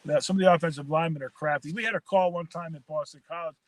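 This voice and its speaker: A man's voice: a little high, steady tone, rapid-fire, no echo. A man, a former quarterback, chatting casually from his car, laughing through stories, swearing and stumbling over repeated words. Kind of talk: casual sports chat.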